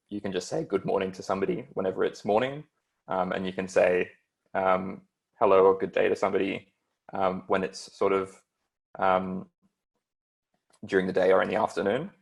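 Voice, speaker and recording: A man's voice: sits low, level tone, moderate pace, vocal fry, pauses often. A young man tutoring an online beginners' German lesson, hesitant and full of ums as he explains.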